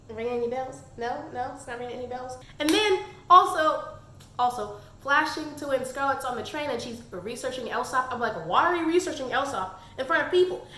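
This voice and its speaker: A chatty young woman with a high, bright voice reviews books in a vlog, talking animatedly and tossing in quick character impressions between her own remarks. The sound is echoey, like a bare room, with a little hiss or hum.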